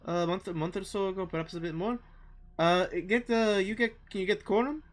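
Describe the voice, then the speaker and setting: Hurried high-voiced alien official with a French accent, a man doing it. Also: fairly even intonation, lightly acted. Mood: flustered. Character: alien male station official, flustered.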